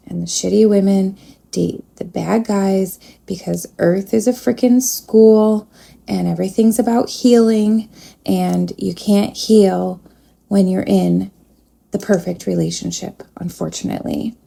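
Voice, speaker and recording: Slow, gravelly-voiced woman medium. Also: mid-range voice, fairly even intonation. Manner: soft-spoken, pausing to address an unseen presence. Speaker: psychic medium. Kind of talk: spirit communication session.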